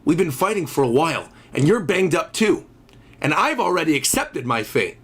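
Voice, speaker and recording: A man voicing a hardened young male fighter who speaks low, steady and defiant while reading a comic aloud. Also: normal speed, breathy edge. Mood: grim.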